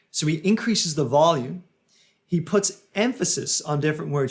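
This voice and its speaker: A man commenting as a public speaking coach, calmly analysing a speech and explaining its techniques. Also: fairly high pitch, measured pace. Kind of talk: reaction commentary.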